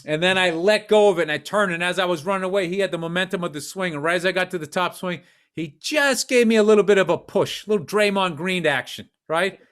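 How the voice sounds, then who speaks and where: A middle-aged man co-hosting a podcast, telling animated, profane childhood stories in casual chat. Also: sits high, fast, clear, resonant tone. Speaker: podcast co-host.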